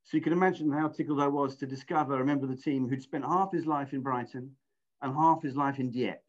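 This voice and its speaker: A man's voice: mid-range voice, steady tone, fast talker. A middle-aged man from England hosting an online webinar, chatty and self-deprecating, often restarting his sentences. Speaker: webinar host. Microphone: video call. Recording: muffled lo-fi video call audio.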